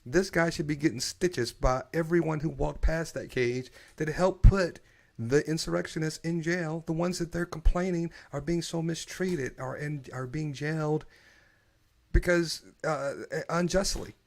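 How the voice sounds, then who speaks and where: A man hosting a casual live-streamed podcast chat, opinionated and animated, often restarting his sentences. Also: a little high, a little slow, gravelly. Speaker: podcast host.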